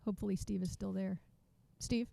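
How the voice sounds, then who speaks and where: A woman teaching a drum masterclass over a video call, chatty and counting beats out loud. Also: medium pitch, steady tone, brisk, creaky, dry recording. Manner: chatty, restarts sentences, counts beats aloud.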